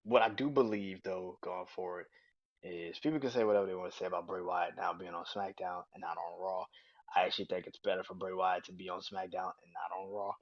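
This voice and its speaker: A man hosting his own podcast, giving a casual, animated review that is full of swearing, with bursts of acted-out quotes. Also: deep voice, fairly quick, no echo, highs cut off. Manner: animated, swears freely, acts out quotes in raised voices. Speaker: podcast host. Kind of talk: casual solo wrestling review.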